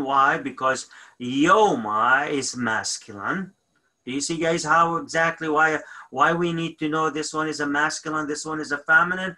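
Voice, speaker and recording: A man teaching a grammar lesson, explaining step by step with frequent pauses, fillers and self-corrections, often checking in with "okay?". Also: on the high side, sharp tone, low-quality recording. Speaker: language teacher. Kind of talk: recorded online grammar lesson.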